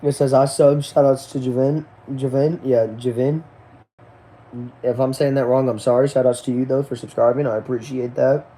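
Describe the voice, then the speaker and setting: A man's voice: medium pitch, steady tone, moderate pace, mellow. A man from the United States hosting a casual live stream, tired and sleepy, chatting loosely and greeting viewers by name as he reads their comments.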